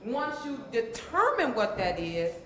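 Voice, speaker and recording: A woman with a slightly high, sing-song voice and a fairly bright tone speaks a little slowly as a transformational coach, delivering an emphatic motivational talk and calling on her audience to answer back. The room is very echoey, with slight background noise.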